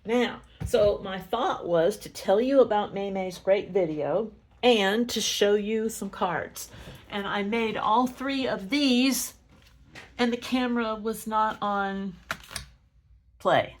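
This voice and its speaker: A middle-aged woman talks through her handmade stationery and cards in a relaxed crafting tutorial recorded at home. She speaks at an unhurried pace, chatty and rambling, and often stops to correct herself. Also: mid-range voice. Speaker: craft demonstrator. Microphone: camera on a stand.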